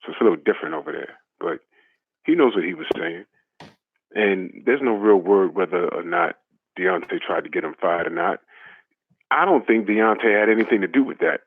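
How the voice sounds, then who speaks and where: A man's voice: fairly low pitch, big pitch swings, normal speed, vocal fry, breathy edge, dry recording. A man calling in to a talk show, ranting in a fired-up, mocking, profane way. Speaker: caller. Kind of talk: heated phone-in rant. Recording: dry phone line.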